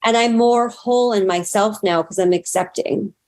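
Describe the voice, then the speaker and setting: At a moderate pace, an interviewee in her thirties tells a personal story earnestly and expressively. When she becomes excited, her voice jumps sharply higher.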